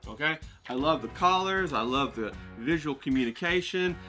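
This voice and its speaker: A man teaching an art class in a motivational, coaching way, often checking in with the listener and rising with excitement. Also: normal speed, soft background music. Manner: animated, rises in pitch when excited.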